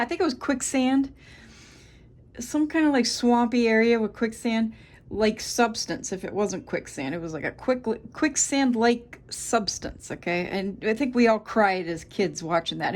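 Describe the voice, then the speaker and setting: A woman's voice: medium pitch, darkish tone. A woman in her thirties giving a casual, rambling tarot reading to camera, thinking aloud with many fillers. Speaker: tarot reader.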